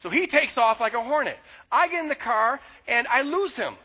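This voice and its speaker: A middle-aged male pastor preaching a sermon, telling a personal story in an animated way and shouting at times to act out anger. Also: very high-pitched, normal speed, rough recording. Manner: animated storytelling, bursts of loud shouting when acting out anger.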